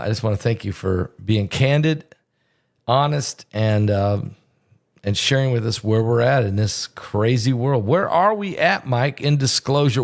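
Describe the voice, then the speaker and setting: A man, a pastor, hosting a casual interview and talking excitedly with many stammering restarts. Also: mid-range voice.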